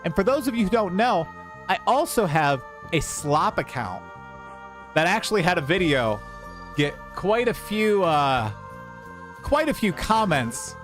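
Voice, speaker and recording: A young man chatting casually on a livestream, rambling and animated as he talks to his chat. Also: high voice, unhurried, faint music behind. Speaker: streamer.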